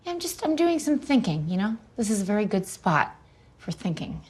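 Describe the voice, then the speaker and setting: A woman's voice: medium pitch, sing-song, brisk, a little mellow, breathy edge. An actress playing a distracted, dreamy woman in a film scene. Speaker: film character.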